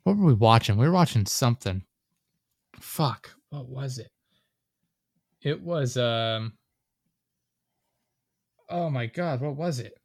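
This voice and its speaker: A young man in casual chat, rambling and animated, often acting out scenes as he talks. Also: medium pitch, slow pace, pauses often, no echo, studio quality.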